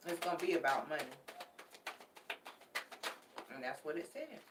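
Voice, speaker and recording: Low-voiced and racing, a very animated tarot card reader chats affectionately, calling viewers babies and repeating warnings for emphasis. She's recorded from a distance in an echoey room with slight background noise.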